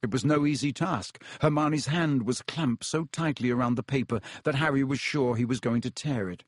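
Brief: male audiobook narrator, mid pitch, measured, dry close mic. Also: dry recording. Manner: measured storytelling. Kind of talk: scripted narration.

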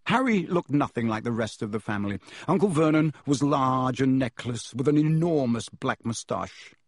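A man narrates an audiobook in a measured, storytelling way, with a husky edge to his mid-pitched voice. The recording is dry and close, with no room sound. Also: animated, dry recording.

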